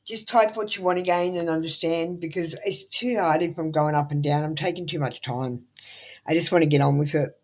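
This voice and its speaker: A woman's voice: low-pitched, fairly quick, rough recording. A middle-aged woman with an Australian accent doing a live tarot reading, blunt, motherly and swearing freely. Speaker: tarot reader.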